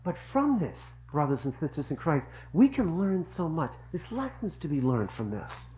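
Middle-aged guy preaching to the faithful, earnest, kinda high voice, faint hiss behind. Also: big pitch swings, moderate pace, a little mellow, low-quality recording. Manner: earnest, storytelling, repeats for emphasis. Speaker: religious speaker. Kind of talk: devotional talk.

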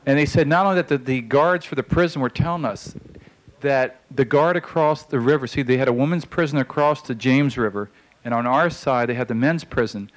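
A man telling a long personal story in a casual, halting way, with many fillers, acting out the voices of the people in it. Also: mid-range voice, rough recording. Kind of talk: casual spoken anecdote.

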